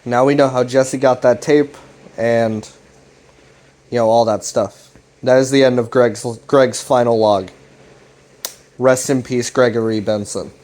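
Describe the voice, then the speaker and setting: A man's voice: medium pitch, fairly even intonation, a little slow, long pauses, darkish tone. A young man casually recapping a web series, retelling the dialogue loosely with fillers and restarts.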